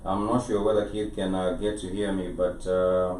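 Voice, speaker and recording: A man's voice: low-pitched, flat delivery, normal speed, darkish tone, slight background noise. A man who is DJ and host of a casual talk show, speaking hesitantly with many fillers. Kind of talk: casual radio chat. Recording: echoey, distant.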